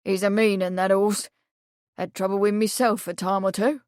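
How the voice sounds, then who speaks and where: A woman doing a gruff old stable hand. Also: mid-range voice, little pitch movement, moderate pace, a little mellow, dry recording, clean studio sound, lightly acted. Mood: gruff, urgent. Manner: gruff, respectful. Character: gruff shaggy-haired male stable servant, blunt.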